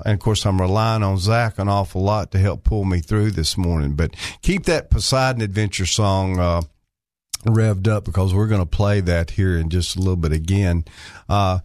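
A man's voice: low-pitched, a little mellow, dry recording. An older man from Arkansas guest-hosting a talk radio show in a studio, rambling and folksy with many fillers. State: slightly out of breath.

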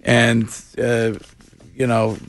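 A man's voice: medium pitch, monotone, drawn-out words. A man hosting a radio talk show, bantering casually in rambling restarts and frequent laughs into a studio mic.

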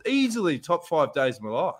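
Male host, a bit high, animated storyteller, swears freely. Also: brisk, a little hiss or hum. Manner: animated, swears, laughs through stories. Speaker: podcast host. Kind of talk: casual chat, storytelling.

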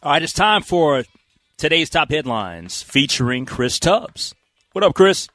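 A man hosting a talk radio show, recapping a baseball game in an energetic, chatty way with quick asides. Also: on the high side, no echo, soft background music. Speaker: sports talk radio host. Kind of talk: casual radio sports recap. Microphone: studio microphone.

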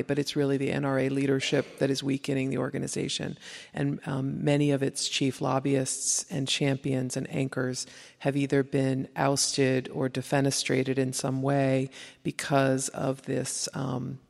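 A woman reporter speaking on a live panel, halting with frequent restarts and fillers. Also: a bass voice, vocal fry, a little mellow. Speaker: investigative reporter. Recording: reverberant hall.

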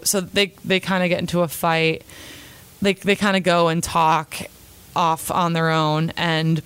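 A woman's voice: fairly low pitch, clean tone. A young woman casually recapping a reality episode in a chatty, opinionated way, quoting the cast as she goes. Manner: chatty, opinionated, retells scenes with quotes.

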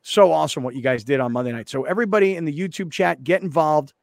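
A man's voice: quick pace, gravelly, no echo, clean studio sound. A man hosting a sports radio show, telling stories in casual banter and mimicking others. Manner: animated storyteller, mimics others with high voices.

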